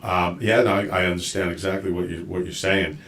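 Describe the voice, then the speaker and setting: A man hosting a live video-call show, talking in a casual, halting way with lots of fillers and restarts. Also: deep voice, steady tone, fairly bright tone. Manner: rambling, halting, with many fillers. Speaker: show host. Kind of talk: casual live-stream chat.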